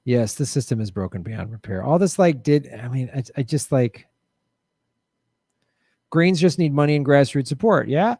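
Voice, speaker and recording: A man hosting a casual livestream, answering viewer questions with animated commentary and mocking voices. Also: medium pitch, moderate pace, slightly rough, no room sound, studio quality. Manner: animated, jumps between mocking voices and mutters.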